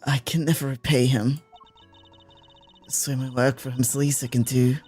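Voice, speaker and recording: A man reading the lines of a gentle, devoted young woman who works as a maid in a mystery game, polite and soft-spoken. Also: medium pitch, little pitch movement, normal speed, soft background music, natural voice. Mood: earnest.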